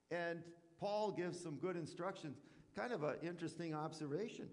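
A man's voice: on the high side, moderate pace, in a large hall. A man preaching a sermon as a pastor, talking conversationally with rhetorical questions and acted-out asides.

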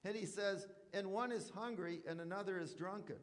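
A man's voice: sits high, moderate pace, big-room sound. A man preaching a sermon as a pastor, talking conversationally with rhetorical questions and acted-out asides.

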